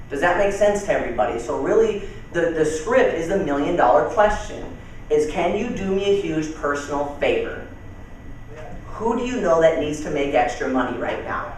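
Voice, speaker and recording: A young man giving casual, energetic sales training with stories, talking loosely and calling people dude and man, heard from far off in a very echoey room. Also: a little high, a little hiss or hum. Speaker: network marketing trainer. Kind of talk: training talk with storytelling.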